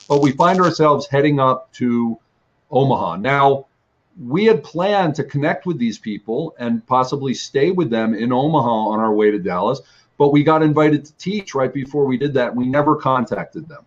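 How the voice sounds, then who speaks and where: A man's voice: medium pitch, animated, normal speed, muffled recording. A man telling a long personal testimony about his travels, rambling with restarts and fillers. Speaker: ministry teacher. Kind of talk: storytelling testimony.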